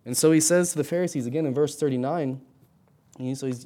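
A man's voice: a little high, fairly quick, dark tone. A young adult man preaching a sermon in a conversational, storytelling way, building to emphatic points. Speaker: pastor.

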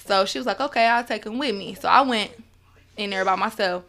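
Young woman telling a story, bright edgy voice, keeps acting out what people said. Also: medium pitch, brisk. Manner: animated, acts out others' words in quotes. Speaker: guest. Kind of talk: personal storytelling.

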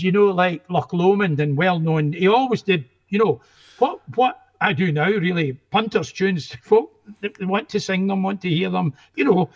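Older Scottish male musician, guest, rambling anecdotal delivery, high pitch for a man, muffled audio. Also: husky. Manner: rambling, self-interrupting storyteller. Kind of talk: anecdotal interview chat.

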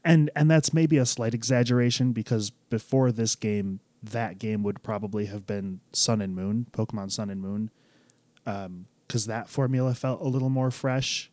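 A man co-hosting a casual podcast chat, cracking quick jokes and laughing often. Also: on the low side, fairly even intonation, a little mellow, no room sound. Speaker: podcast co-host.

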